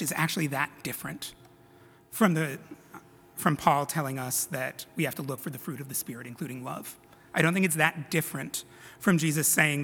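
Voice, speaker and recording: A preacher delivers a sermon to his congregation, his slightly high voice bright, forceful and a little rough, with normal speed and long pauses. He slips into conversational, self-deprecating asides. A long reverb from the church sanctuary trails behind his words.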